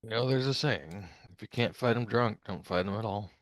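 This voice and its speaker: A man's voice: fairly low pitch, brisk, dry recording. A man playing in a tabletop game, making casual joking asides. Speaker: player.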